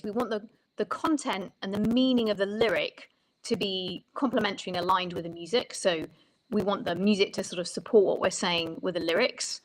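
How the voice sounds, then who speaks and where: A woman's voice: medium pitch, fairly bright tone, low-quality recording. A woman songwriting coach explaining ideas in an interview, talking thoughtfully and often restarting her sentences.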